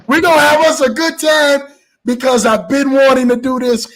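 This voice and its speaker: A man hosting a live show, talking in an animated, preacher-like way and blessing his audience. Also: very high voice, normal speed, low-quality recording. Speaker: show host. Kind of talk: exuberant live show wrap-up.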